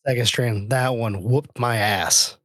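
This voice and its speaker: A man co-hosting a podcast chats into his mic over a call, telling stories with an animated delivery and plenty of laughter. His voice sits at a middle pitch. The sound is dry and close, with no room echo. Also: unhurried. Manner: storytelling, animated, laughs often. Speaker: podcast co-host. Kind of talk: casual chat. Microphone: remote call microphone.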